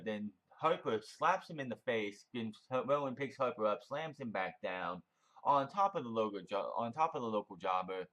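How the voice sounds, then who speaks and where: A man's voice: medium pitch, fairly bright tone. A man giving a casual, opinionated solo review, rambling with frequent restarts. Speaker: wrestling show reviewer.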